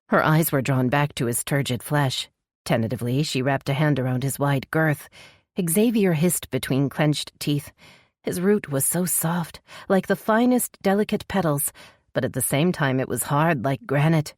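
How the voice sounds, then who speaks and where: A woman narrating a romance audiobook in a measured, sensual manner. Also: low-pitched, darkish tone, no room sound, studio quality.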